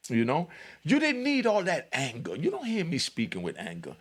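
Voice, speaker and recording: A man's voice: a little high, huge pitch swings, normal speed, breathy edge. A man hosting a commentary channel, speaking straight to the camera in a blunt, lecturing way and filling his talk with "you know". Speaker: YouTube commentary host. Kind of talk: direct-address commentary.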